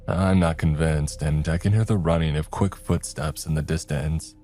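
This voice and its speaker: A man reading a first-person horror story in a tense, measured way. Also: a bass voice, steady tone, mellow, soft background music. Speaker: narrator.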